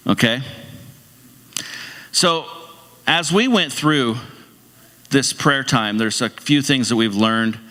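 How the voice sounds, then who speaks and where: A middle-aged man preaches in a loose, conversational way, often restarting his sentences and slipping in humorous asides. His voice is bright and forceful. The sound has the long reverb of a church hall. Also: mid-range voice. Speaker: pastor. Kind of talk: casual sermon. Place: church sanctuary.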